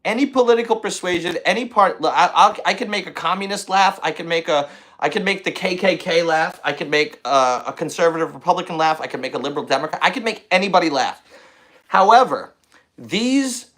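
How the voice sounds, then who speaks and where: A man's voice: high voice, lively intonation, a little fast, fairly bright tone. A man hosting a comedy podcast, rambling and boastful, repeating himself as he riffs. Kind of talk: casual comedy podcast chat.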